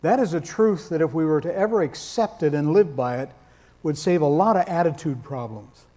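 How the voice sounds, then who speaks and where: A man's voice: on the high side, lively intonation, moderate pace, dark tone. A man preaching a sermon in a conversational, emphatic way with touches of dry humor.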